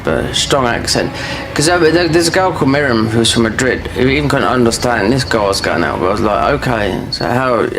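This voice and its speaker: A man's voice: mid-range voice, background noise. A man chatting casually while he plays a video game, rambling through stories with many fillers and restarts. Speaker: gaming streamer.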